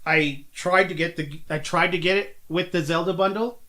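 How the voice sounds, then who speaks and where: A man's voice: sits high, fairly even intonation, moderate pace, bright, forceful tone. A man co-hosting a podcast, casually joking, swearing and telling family anecdotes. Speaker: podcast co-host. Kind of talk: casual chat.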